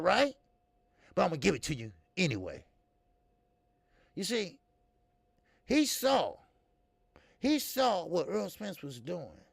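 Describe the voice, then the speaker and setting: This boxing talk show host, a middle-aged American from the Midwest, has a gravelly voice on the high side, recorded in clean studio sound with no room sound. On his casual live stream he reads comments, laughs, swears freely and talks right to his viewers.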